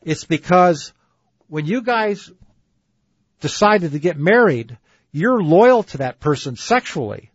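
A husky-voiced man with a slightly raised pitch, hosting a dating advice talk show. He reads passages aloud and then argues against them firmly. His voice is close and dry on a dull, lo-fi recording. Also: lively intonation, slow pace, long pauses, no echo. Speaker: dating advice radio host. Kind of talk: radio talk show commentary.

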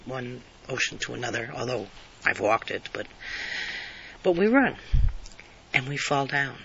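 A man's voice: medium pitch, pushed and bright, muffled recording, a little hiss or hum. A man telling an earnest personal story, repeating phrases and sometimes dropping almost to a whisper.

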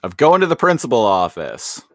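A man co-hosting a casual podcast, joking and animated. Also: medium pitch, moderate pace, no room sound, studio quality. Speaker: podcast co-host. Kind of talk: casual chat.

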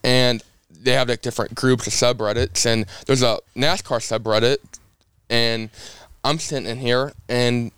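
A man's voice: medium pitch, a little slow, clear, resonant tone, no room sound. A young man, a race car driver telling rambling racing stories in casual podcast chat. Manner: rambling, animated anecdotes with many fillers.

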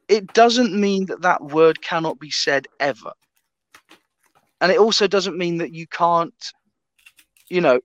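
Man, fairly high voice, emphatic, swears a lot, dry close sound, casual chat. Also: no echo, lo-fi sound. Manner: animated, emphatic, swears freely.

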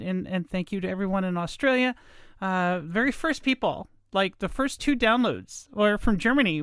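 A woman's voice: lowish voice, clear, resonant tone, dry recording, studio quality. A woman hosting her own podcast, talking in a chatty, meandering, friendly way in a casual solo monologue. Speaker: podcast host. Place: at home late at night.

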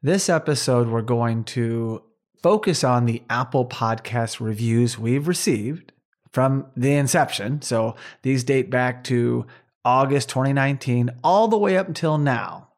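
A middle-aged man talking at a medium pitch as he co-hosts a casual podcast. His delivery is earnest and runs on at length, with long stretches of unbroken talk. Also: measured pace. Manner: earnest, rambling, warm appreciation of fans. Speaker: podcast co-host.

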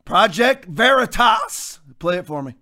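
Man, very high voice, commentary host, fiery, rhetorical, repetitive questions. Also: big pitch swings, unhurried, sharp tone. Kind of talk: impassioned commentary rant.

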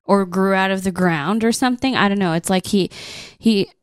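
Smooth-voiced woman chiming in on a podcast. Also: mid-range voice, normal speed, dry recording, studio quality. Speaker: podcast co-host. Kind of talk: casual discussion.

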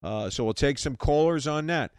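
A man's voice: a little high, expressive, clear, resonant tone, dry recording, studio quality. A man with a New York accent hosting a radio show, reading announcements and trading jokes in a loose, casual way. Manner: loose, joking banter with quick asides.

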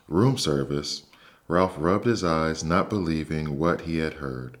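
A man hosting a bedtime story podcast, reading a children's book aloud in a soft, slow, soothing way. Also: very deep voice. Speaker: podcast host and narrator. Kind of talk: calm bedtime story narration.

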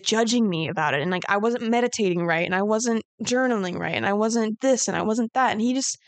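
A young woman with a mid-range voice hosts a podcast, telling a personal story in a candid, rambling way with lots of "like." The recording has no echo.

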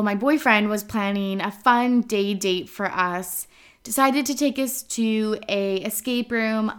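A woman's voice: medium pitch, a bit bright, clear, resonant tone. A woman in her twenties from British Columbia, hosting a casual solo podcast in a chatty, rambling way with lots of "like". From British Columbia, Canada. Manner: chatty, rambling, heavy use of "like", frequent laughs. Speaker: podcast host.

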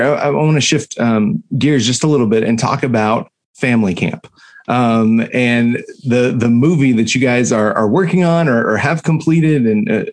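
A man's voice: medium pitch, a little mellow. A man hosting a panel chat who affirms his guests and moves to the next topic. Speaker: host.

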